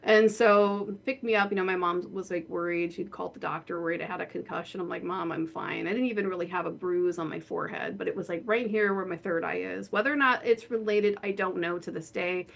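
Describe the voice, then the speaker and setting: A woman guest telling a personal story in a casual, animated way, laughing often and saying "like" a lot. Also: on the low side, a little fast, vocal fry, few pauses. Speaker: guest, horror author and spirit board practitioner.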